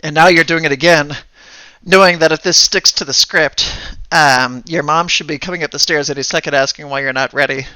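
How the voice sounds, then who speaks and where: Guy running a tabletop game, bright voice, stops and starts a lot, dry sound. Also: fairly high pitch, fairly even intonation, smooth, no echo. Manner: halting, thinking aloud. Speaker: game master.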